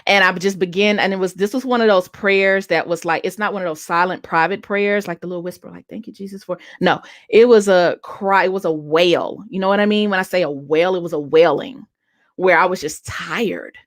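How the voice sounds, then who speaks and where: A woman's voice: on the low side, brisk, dry recording, studio quality. A woman in her late thirties hosting a podcast, telling a personal story candidly and earnestly, often restarting her sentences. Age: 30s. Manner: earnest, self-revealing, with many restarts. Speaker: podcast host.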